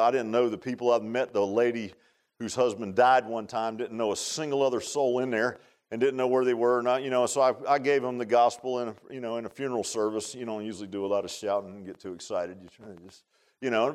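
Folksy preacher, rising to shouts. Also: male voice, on the high side. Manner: excitable preaching that builds to shouting, folksy asides. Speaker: pastor. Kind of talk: sermon.

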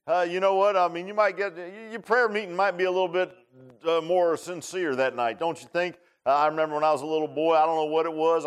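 A man's voice: on the high side, smooth. A middle-aged man preaching a sermon in a folksy, conversational way, full of "uh" fillers and restarts. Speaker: pastor. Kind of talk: sermon with opening prayer.

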